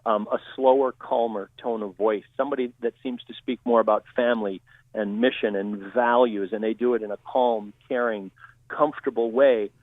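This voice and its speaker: A man who trains people in communication, answering interview questions in a steady, explanatory way. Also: medium pitch, normal speed, dry recording. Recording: tinny phone-line audio.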